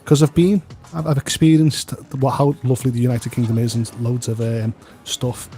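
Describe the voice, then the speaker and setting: A man's voice: mid-range voice, flat delivery, fairly quick, warm tone, faint music behind. An English man with a Scouse accent, chatting casually as co-host, often repeating his words as he talks. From England. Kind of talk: casual chat over gameplay.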